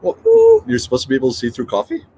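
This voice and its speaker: A middle-aged man hosts a casual morning livestream, joking and reading viewer notes aloud. His voice swings widely in pitch as he rambles along. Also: huge pitch swings, fast talker, mellow, a little hiss or hum. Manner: chatty, joking, reads out viewer comments. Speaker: livestream host.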